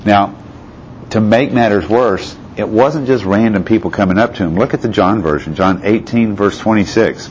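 A man with a deep, low voice delivers a sermon. He reads out scripture and keeps asking his listeners questions. The recording is a little muffled, with a faint hiss behind it. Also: moderate pace, a little mellow. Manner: asks the listeners rhetorical questions. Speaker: preacher.

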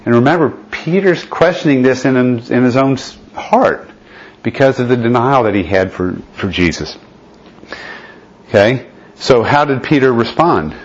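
A man's voice: mid-range voice, lively intonation, unhurried, husky. A man leading a conversational Bible study lesson, explaining step by step and often checking in with his listeners. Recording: dull lo-fi recording.

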